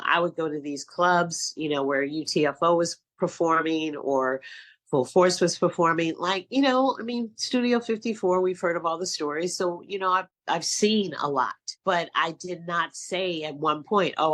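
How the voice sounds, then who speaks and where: A middle-aged woman from San Francisco, a guest telling animated stories in a casual interview. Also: on the low side. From San Francisco, California. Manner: animated storyteller, acts out quotes. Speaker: guest, casting director and acting coach.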